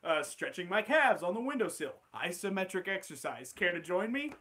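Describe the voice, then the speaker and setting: A man's voice: sits high, sing-song, normal speed, sharp tone, heavily acted. A man voicing a flustered, fussy male school principal from a cartoon, stammering out nervous excuses.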